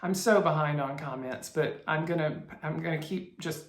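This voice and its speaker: A chatty woman talks casually to her viewers in a cross-stitch vlog, looping back and restarting her sentences as she goes. Her voice sits very low for a woman. The recording has a roomy echo around it. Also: normal speed. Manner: chatty and rambling, with many restarts and fillers. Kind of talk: casual chat to camera.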